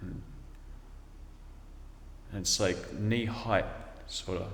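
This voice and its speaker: A man's voice: deep voice, steady tone, extremely slow, gravelly, a bit bright. A man with an Australian accent telling a rambling, laid-back story from his youth. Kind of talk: casual storytelling. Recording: echoey room with long reverb.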